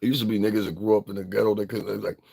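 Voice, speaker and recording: A man's voice: lowish voice, little pitch movement, very fast, vocal fry, warm tone, husky. A middle-aged man from Connecticut, ranting bluntly and profanely in a casual livestream, laughing often. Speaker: vlogger.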